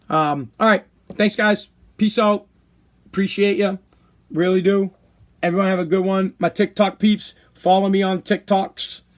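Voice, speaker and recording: A man hosting a podcast from a hot room downstairs, ranting in a heated, profane way and repeating himself for emphasis. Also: fairly high pitch. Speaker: podcast host. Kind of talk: opinion rant podcast.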